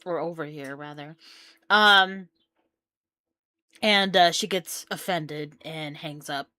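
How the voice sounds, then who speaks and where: A woman's voice: deep voice, slow pace, bright, forceful tone, no room sound. A woman giving chatty, joking commentary while playing a video game. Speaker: gamer. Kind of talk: casual gameplay commentary.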